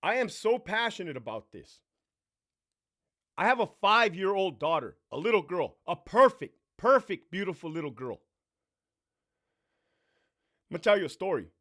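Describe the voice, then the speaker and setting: Man, casual storytime rant, swearing, lively pitch, slightly high voice. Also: normal speed, pauses often. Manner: profane, animated, swings between loud bursts and low mutters. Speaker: vlogger telling a story.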